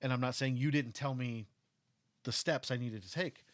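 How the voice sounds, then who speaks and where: A man at a middle pitch chatting casually and recounting a story, leaning on "like" as he talks. The sound is close and dry, with no room echo. He comes across as an animated storyteller. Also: moderate pace. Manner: animated storytelling with many "like" fillers. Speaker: co-host. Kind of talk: casual chat.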